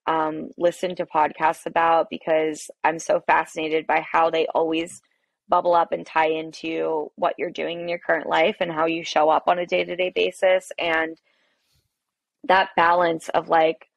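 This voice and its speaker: A woman's voice: low-pitched, level tone, normal speed, creaky, no room sound. A woman coffee shop owner, a podcast guest telling her story in a candid, emphatic way. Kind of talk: podcast interview, personal storytelling.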